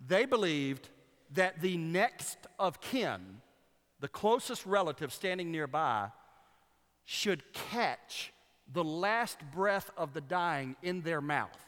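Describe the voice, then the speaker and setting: A man's voice: fairly high pitch, big pitch swings, takes it slowly, a bit bright. A man preaching a sermon in an earnest, rhythmic way, repeating phrases for emphasis. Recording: long hall reverb.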